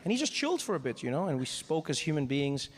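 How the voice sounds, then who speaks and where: Fast-talking, high-voiced comedian from Africa. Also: male voice. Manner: animated, rising to frantic high-pitched bursts. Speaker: stand-up comedian. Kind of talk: stand-up storytelling.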